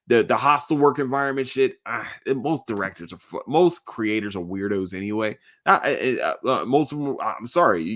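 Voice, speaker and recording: Angry, rambling man, low-voiced podcaster. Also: a bit bright. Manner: heated, rambling, with many restarts and slang. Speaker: podcast host. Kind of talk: casual solo podcast monologue.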